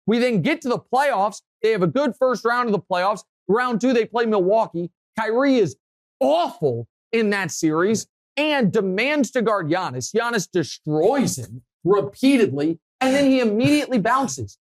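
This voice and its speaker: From the Kansas City area in the USA, a male sports talk host tells stories animatedly at a normal speed, his pitch pushing upward as he gets fired up. The casual chat takes place in a dry studio with no room echo.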